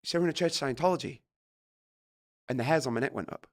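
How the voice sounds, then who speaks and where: A middle-aged British man telling a story in casual chat, animated and swearing, acting out his own reactions. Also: medium pitch, fast talker. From Britain. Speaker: guest.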